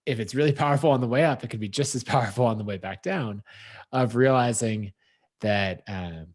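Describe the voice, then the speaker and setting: A man's voice: medium pitch, brisk, darkish tone, dry recording, studio quality. A man co-hosting a podcast in casual conversation, reflective and thinking aloud with fillers. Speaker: podcast co-host.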